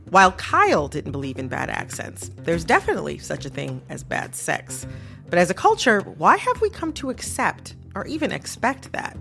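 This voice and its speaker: Gravelly-voiced woman host from Michigan. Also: mid-range voice. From southeastern Michigan. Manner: relaxed and conversational, laughs easily. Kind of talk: podcast interview.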